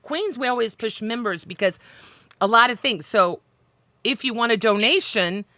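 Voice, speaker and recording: A woman hosting a live stream in casual, profane chat, her voice swinging between loud and soft. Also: a little high, animated, normal speed, dry recording, studio quality. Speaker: livestream host.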